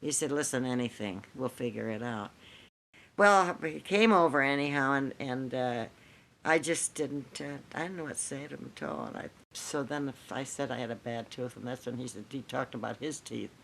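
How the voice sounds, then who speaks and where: An older woman in an archival interview, telling lively anecdotes and mimicking the people in them. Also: very deep voice, normal speed, gravelly, a little hiss or hum. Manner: animated storytelling with laughs and mimicry. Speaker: radio writer, interviewee.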